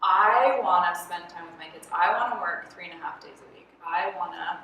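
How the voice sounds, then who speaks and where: Canadian woman guest, animated, chatty, bright tone; distant mic, big echo. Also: fairly low pitch, a little fast. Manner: animated storyteller, laughs often, lots of fillers. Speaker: artist and designer guest. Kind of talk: candid conversational interview. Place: event space. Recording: echoey room, distant mic, faint noise.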